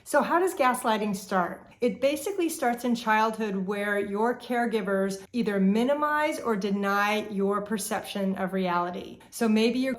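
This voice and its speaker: Woman host, mid-pitched, calm explainer talking straight to camera. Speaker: relationship therapist host. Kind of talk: educational talk to camera.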